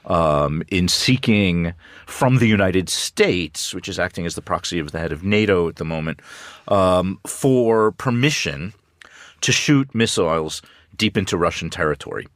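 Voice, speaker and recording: A very low-pitched man speaks as a news commentator on radio, weighing his points with a dry wit and scattered ums. The studio sound is close and dead, with no room around him. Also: animated, measured pace, fairly bright tone, no room sound. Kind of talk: radio current-affairs discussion.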